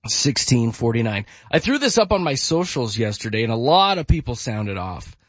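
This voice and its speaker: A man's voice: medium pitch, moderate pace, no echo. A man hosting a morning radio show, chatting casually and telling stories on air. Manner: chatty storytelling, lively. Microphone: studio mic. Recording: muffled broadcast audio with faint music.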